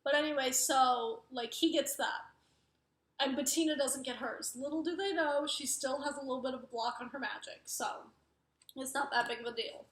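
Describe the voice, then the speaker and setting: A woman's voice: high-pitched, moderate pace, fairly bright tone. A young woman giving a casual book review, rambling with lots of fillers. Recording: roomy echo.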